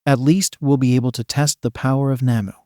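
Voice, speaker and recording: Man voicing a calm composed villain's servant, even tone, dry close sound. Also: mid-range voice, a little fast, no room sound, natural voice. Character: calm portal-making villain's male servant.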